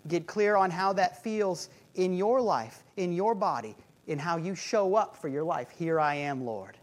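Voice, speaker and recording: A man's voice: high voice, a little slow. A man preaching a sermon as a pastor, telling stories with humor and driving points home through repetition. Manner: conversational, humorous storytelling with rhythmic repetition.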